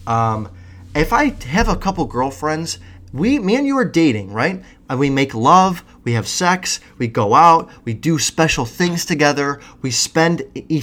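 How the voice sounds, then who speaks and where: A nineteen-year-old man rambling casually to viewers, answering questions with lots of swearing and animated rants. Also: medium pitch. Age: young adult. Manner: profane, animated, self-deprecating rants.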